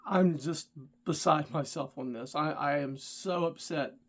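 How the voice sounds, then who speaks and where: A middle-aged man with a somewhat high voice tells a story from his driving days in a casual vlog. He talks straight to the viewer and gets worked up and indignant as he goes. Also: a little slow. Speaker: rideshare driver and channel host.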